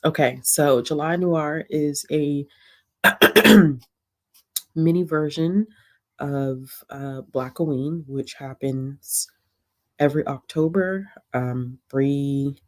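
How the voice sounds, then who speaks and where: Speaking slowly in a deep voice, a woman runs a relaxed reading livestream from her home. Her casual chatting flows easily, dotted with plenty of ums and laughs.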